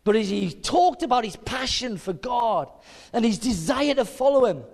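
A man preaching a sermon in an animated way, acting out scenes with little voices. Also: very high voice, normal speed. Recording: long hall reverb.

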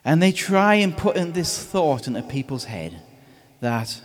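A man delivers a sermon in an informal, storytelling manner, unpacking a passage as if chatting with friends. His voice sits at an ordinary middle pitch, and he chuckles often as he goes. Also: animated, unhurried. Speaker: preacher. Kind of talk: conversational sermon on a scripture reading.

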